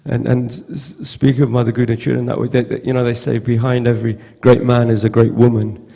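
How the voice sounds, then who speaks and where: Man, gravelly, husky, halting tribute, repeats words, long hall reverb. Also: mid-range voice, little pitch movement, warm tone. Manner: halting, repeats words, acts out quoted voices. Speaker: speaker at a memorial gathering. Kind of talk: heartfelt storytelling tribute.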